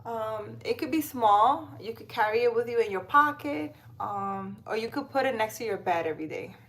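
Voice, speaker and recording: Woman chatting on a phone live, reads comments out loud, kinda high voice. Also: expressive, normal speed. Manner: chatty, reads comments aloud, switches to baby talk with her cat. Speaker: live stream host reading cards and viewer comments. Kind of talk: casual live stream chat.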